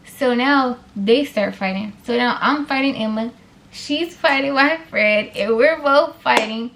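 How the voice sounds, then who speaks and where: Young woman, fairly high voice, casual storytime, blunt and animated, swears a lot. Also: unhurried. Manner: animated, blunt, heavy profanity. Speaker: vlogger telling a story.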